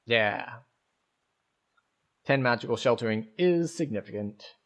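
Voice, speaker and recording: A man streaming a game, thinking aloud and calmly explaining the mechanics as he plays. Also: mid-range voice, measured pace. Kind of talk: casual gameplay commentary.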